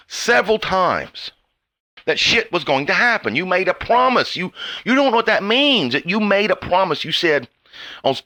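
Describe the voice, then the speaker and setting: Swearing, sarcastic ranting man. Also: no room sound. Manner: sarcastic, swears constantly, mocks mimicking voices; bursts from low mutters to sudden high shouts. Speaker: vlogger ranting to viewers. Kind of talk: angry profane rant.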